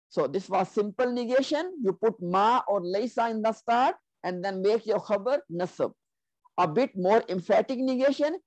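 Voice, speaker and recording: Patient teacher with a dry close sound. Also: male voice, sits high, darkish tone, dry recording, rough recording. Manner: patient, checks understanding with "Clear?". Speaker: Arabic grammar teacher. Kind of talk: recorded online lesson with slides.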